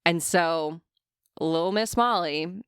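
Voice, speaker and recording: A woman's voice: lowish voice, takes it slowly, smooth, no room sound, clean studio sound. A woman in her thirties co-hosting a podcast, chatting casually and joking with frequent laughter. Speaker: podcast co-host. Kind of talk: casual chat. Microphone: podcast mic.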